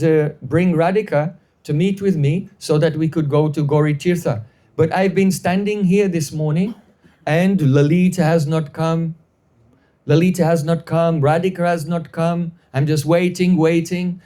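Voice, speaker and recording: A man's voice: high-pitched, a little mellow. A man teaching in a live devotional storytelling class, explaining at length, repeating phrases, and checking in with listeners.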